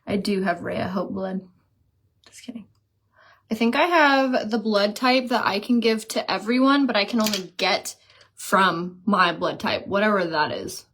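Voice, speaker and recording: A woman's voice: mid-range voice, a bit bright, a little hiss or hum. A woman chatting casually during a live makeup stream, reading viewer comments aloud and telling stories. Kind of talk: casual live chat while doing makeup.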